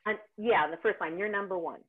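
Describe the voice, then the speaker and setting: Over tinny, phone-like video call audio, a woman with a fairly low, slightly rough voice talks briskly. She's a vocal coach leading an online singing workshop, chatty and encouraging, with frequent ums and restarts.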